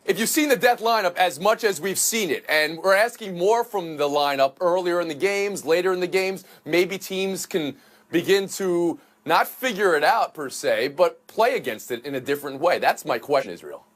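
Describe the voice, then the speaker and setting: A man's voice: high-pitched, fairly bright tone. Wry male sports debate host. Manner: wry, quick to tease panelists. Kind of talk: moderating a panel debate. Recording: studio audio with theme music behind.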